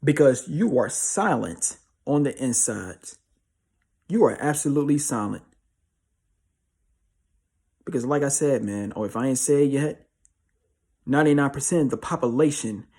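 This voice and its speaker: A man's voice: mid-range voice, lively intonation, a little slow, pauses often, darkish tone, breathy edge. A young man giving a slangy, emphatic motivational monologue, repeating himself for stress. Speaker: motivational speaker.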